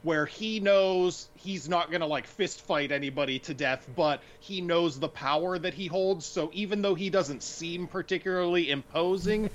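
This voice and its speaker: A man's voice: on the high side, normal speed, hardly any pauses, highs cut off, a little hiss or hum. A man co-hosting a casual film podcast, thinking aloud and rambling with fillers as he gives his opinions. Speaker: podcast co-host.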